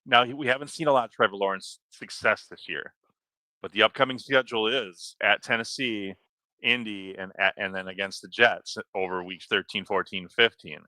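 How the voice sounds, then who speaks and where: A man's voice: on the low side, normal speed, pushed and bright, no echo. A man co-hosting a fantasy football show who talks in a fired-up, ranting way. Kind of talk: casual live-stream chat.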